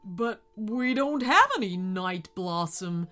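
A woman voicing a gentle, clever young owl in a storybook reading, earnest and soft. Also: medium pitch, animated, slow pace, soft background music.

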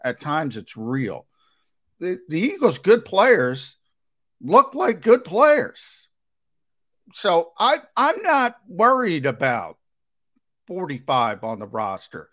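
Animated man talking sports analysis. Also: a little high, slow pace, pauses often. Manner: hesitant restarts, emphatic and animated. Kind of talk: sports talk debate.

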